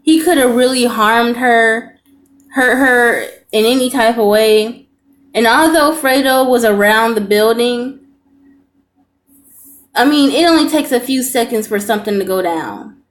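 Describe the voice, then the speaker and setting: A woman's voice: on the high side, unhurried. A young woman reacting to a video in casual, earnest commentary, repeating her points for emphasis.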